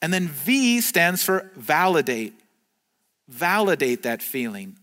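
A pastor delivers an earnest, conversational sermon, stumbling through restarts and fillers as he goes. His voice sits a little high for a man, and a long reverb trails each phrase as if he were in a large hall. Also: expressive, slow pace, sharp tone. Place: church video recorded during the pandemic.

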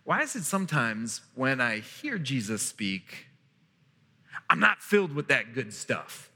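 A man preaching a sermon as pastor, emphatic, with dramatic pauses and repetition. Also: mid-range voice, very animated, sharp tone, husky, in a large hall.

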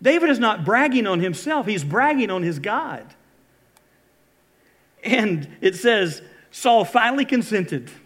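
A male pastor with a notably high voice preaches to his congregation. He tells scripture stories in an animated way and leans hard on the key moments. His delivery sounds like a live church sermon. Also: measured pace. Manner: animated storytelling, retelling scripture with lively emphasis. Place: church service before a congregation.

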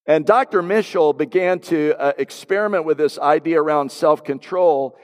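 A middle-aged pastor with a fairly high voice speaks at normal speed, telling a personal story in his sermon and turning to the congregation for asides. The church sanctuary gives a long, hall-like reverb.

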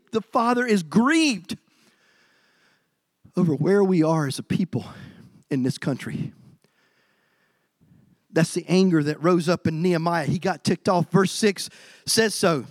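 A middle-aged man preaching a sermon as pastor, swinging from low, quiet stretches to loud, emphatic outbursts. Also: no echo.

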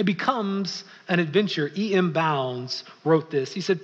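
A man preaching a sermon as pastor, telling the story in a lively way and acting out the voices of the people in it. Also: fairly high pitch, moderate pace, husky. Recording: muffled sound with long hall reverb.

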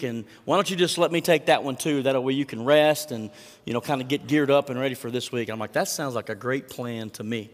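Chatty male pastor in a reverberant church. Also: fairly high pitch. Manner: conversational and animated, quick asides to the congregation. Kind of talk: sermon. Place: church sanctuary. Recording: long reverb of a church hall.

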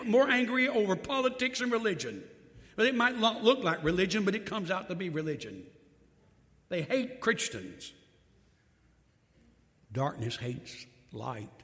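A male preacher tells a Bible story in a folksy, emphatic sermon, repeating his points. His fairly high voice rises and falls in wide swings. The sound rings with a long reverb from the church hall. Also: a bit bright.

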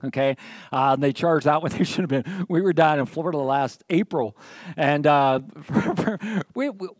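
A man's voice: on the high side, measured pace, no room sound, studio quality. A middle-aged man preaching a sermon, telling stories in a folksy, conversational way and often checking in with his listeners. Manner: conversational, folksy storytelling with frequent "okay?". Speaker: pastor.

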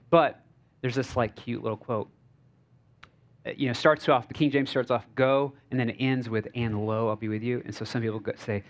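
A man preaching as a pastor in a relaxed, conversational sermon from a church stage. He jokes, uses many fillers and keeps checking in with the crowd. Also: medium pitch, muffled recording. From United States.

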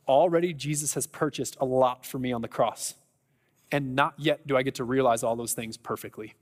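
A man's voice: mid-range voice, steady tone, fairly quick, in a large hall. A man preaching a sermon in a conversational, earnest way, with an American accent and frequent fillers and restarts. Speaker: pastor.

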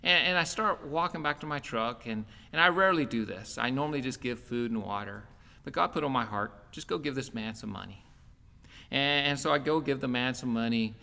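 Bright-voiced pastor in a reverberant church. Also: male voice, mid-range voice, brisk, gravelly. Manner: earnest, conversational storytelling. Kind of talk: sermon. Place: church worship center. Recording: long church-hall reverb.

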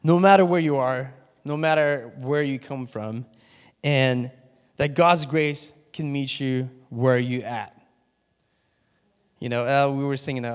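A man's voice: mid-range voice, fairly even intonation, measured pace, smooth, in a large hall. A man preaching a sermon in a conversational way, laughing and asking the congregation questions. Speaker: pastor.

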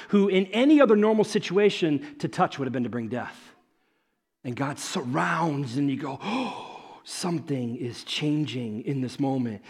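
Male pastor, lively sermon delivery, acts out characters, slightly raised pitch. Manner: animated, swings from loud excitement to soft hushed tones; acts out characters in quick asides.

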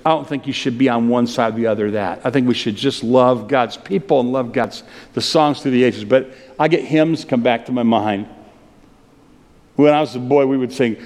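A man's voice: mid-range voice, normal speed, darkish tone, in a large hall. A male pastor preaching a conversational sermon. He breaks into sung hymn lines now and then.

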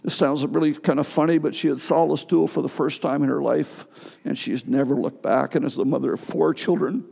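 A middle-aged male pastor preaching a sermon, telling a personal story with emotion and halting restarts. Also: on the high side, steady tone, creaky, darkish tone. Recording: long hall reverb.

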